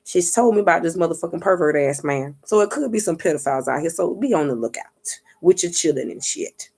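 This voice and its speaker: On the low side, brisk and husky, a woman vlogger who also does spiritual readings tells a story in a laid-back monologue. She's profane and street-talking, animatedly acting out others' words while repeatedly asking her viewers "you get what I'm saying."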